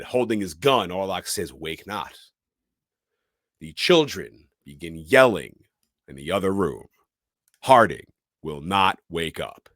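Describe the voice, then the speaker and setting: Low male podcast host, narrates film scenes dramatically, dry studio mic. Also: fairly bright tone, dry recording. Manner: dramatic storytelling recap with quoted lines. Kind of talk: recapping a film plot.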